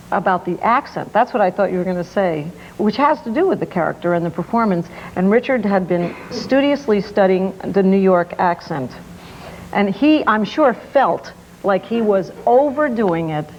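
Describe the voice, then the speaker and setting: A woman film director chatting in an interview, laughing often and telling stories quickly with restarts. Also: medium pitch, darkish tone, highs cut off, a little hiss or hum. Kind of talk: casual interview chat.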